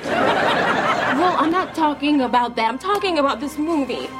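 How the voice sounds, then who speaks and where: An actress playing an affectionate young wife who gushes and gets emotional. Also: female voice, sits high, expressive, unhurried. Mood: earnest. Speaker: sitcom character. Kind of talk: studio sitcom acting. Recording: music underneath.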